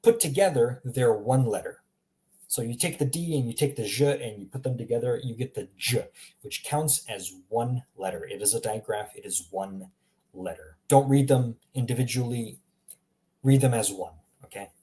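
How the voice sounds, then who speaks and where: A man's voice: mid-range voice, normal speed, warm tone. A man giving a casual recorded language lesson, chatty and repetitive, often laughing at himself. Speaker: language teacher.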